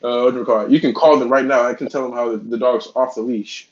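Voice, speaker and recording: A man talking fast on a casual podcast, telling a heated story full of profanity. His voice sits in an ordinary middle pitch. The audio is dull and lo-fi. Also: steady tone. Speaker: podcast co-host.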